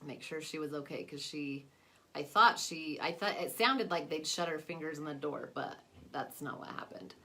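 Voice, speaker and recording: Filming a makeup vlog at home away from her desk, a young adult woman rambles casually with many fillers. Her deep voice is pushed and bright, with lively intonation at a moderate pace.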